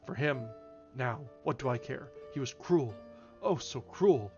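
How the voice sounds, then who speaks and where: Man voicing a pleading young woman, anguished, halting, dull recording, faint music. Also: mid-range voice, expressive, darkish tone.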